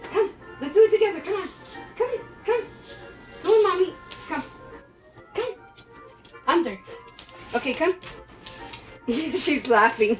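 A woman's voice: high voice, big pitch swings, takes it slowly, pauses often, far from the mic, faint music behind, rough recording. A woman filming a pet vlog, praising and coaxing her dog in a playful sing-song voice and giggling often.

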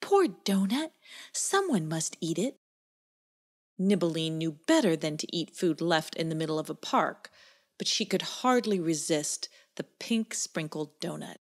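A woman narrating a children's story in a gentle, expressive storytelling manner. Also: lowish voice.

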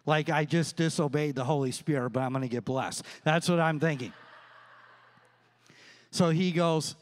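A man's voice: fairly high pitch, unhurried. A middle-aged man preaching a sermon as pastor, telling stories and acting out the dialogue. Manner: storytelling with acted-out dialogue. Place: church. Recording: echoey church hall.

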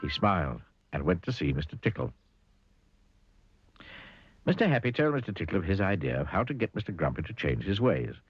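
A man narrating a children's cartoon story, playful and expressive, asking the listener questions. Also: deep voice, a little fast, long pauses, husky, no echo, muffled recording.

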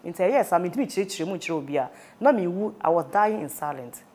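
A woman's voice: lowish voice, lively intonation, a little mellow. A woman with a Ghanaian accent, a guest earnestly recounting a personal ordeal, switching between languages. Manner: earnest, rapid mix of Twi and English. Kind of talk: personal testimony.

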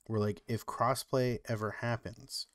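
A man's voice: medium pitch, little pitch movement, unhurried, fairly bright tone, no echo. A man co-hosting a podcast, chatting casually and rambling, with lots of "like" and "you know". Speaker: podcast co-host. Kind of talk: casual chat.

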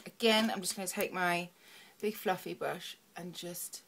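A woman's voice: on the low side, fairly even intonation, unhurried. A young woman chatting through a makeup tutorial, muttering to herself as she works. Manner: chatty, talks to herself while working, soft murmurs. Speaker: beauty vlogger.

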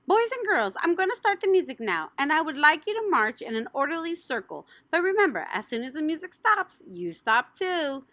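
A prim cake lady calls out to the children, stiffly polite, with a bright, forceful, sing-song voice, as a woman reading a storybook puts her on. Dry, close recording. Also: high voice, very animated, normal speed, hardly any pauses, dry recording, pitched above the performer's own voice, heavily acted. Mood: announcing. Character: prim, loud school fair cake lady. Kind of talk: audiobook reading.

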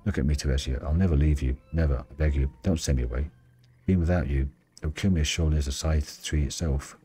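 Dude reading a stubborn lovesick satyr, really low and warm, light hiss. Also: male voice, fairly even intonation, fast talker, husky, heavily acted. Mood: begging. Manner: read aloud plainly in his own voice. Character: devoted male satyr knight, lovesick and stubborn.

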